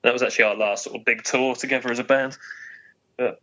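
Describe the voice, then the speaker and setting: A man's voice: mid-range voice, steady tone, fast talker, sharp tone, dull audio. A man with a Portsmouth English accent, a podcast guest who talks casually and hesitantly, with many fillers and restarts. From England. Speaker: guest musician.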